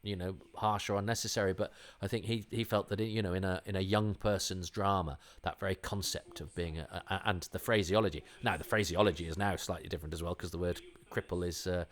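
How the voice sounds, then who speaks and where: Rambling man, low voice. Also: fairly even intonation, fairly quick, few pauses. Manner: rambling and enthusiastic, with many restarts. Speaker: podcast host. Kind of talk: casual conversational commentary.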